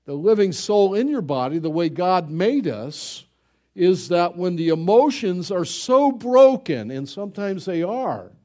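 A middle-aged male pastor preaching a sermon, talking to the congregation with asides, questions and dramatic pauses. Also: on the high side, mellow.

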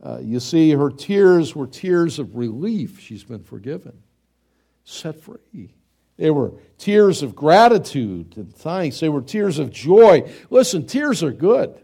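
A man's voice: on the high side, very animated, slow pace, gravelly, mellow, husky. A middle-aged man preaching a sermon, his voice sitting a little above the usual male range. He talks in a loose, conversational way, with frequent "uh"s and restarts as he works through the text. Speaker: pastor.

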